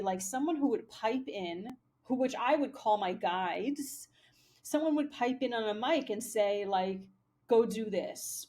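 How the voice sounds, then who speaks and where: A woman's voice: mid-range voice, a little mellow. A woman talking casually in a rambling monologue, swearing often and leaning on fillers like "like" and "um". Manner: rambling, profane, many fillers. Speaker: spiritual vlogger. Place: Pennsylvania.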